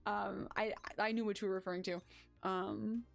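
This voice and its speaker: A woman's voice: mid-range voice, little pitch movement, moderate pace, vocal fry. Gushing, rambling young woman streamer. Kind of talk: casual game stream chat. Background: faint background music.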